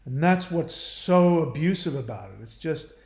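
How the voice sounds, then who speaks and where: A man speaks in an earnest, emphatic monologue, stopping and restarting as he goes. His voice sits a little high for a man. The room is echoey around him. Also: lively intonation, moderate pace, vocal fry, a little mellow. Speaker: channel host. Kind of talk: personal monologue.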